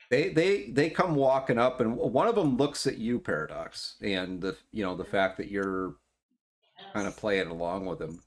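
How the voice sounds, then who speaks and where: A man narrating as game master of a tabletop role-play, often stumbling and repeating words, voicing gruff club bouncers. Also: fairly low pitch.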